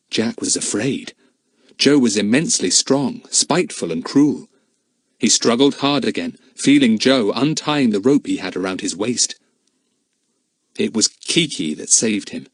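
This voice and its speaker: Male audiobook narrator, lively, husky voice, dry close sound. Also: fairly low pitch, moderate pace, no echo. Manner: expressive, animated reading. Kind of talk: storybook narration.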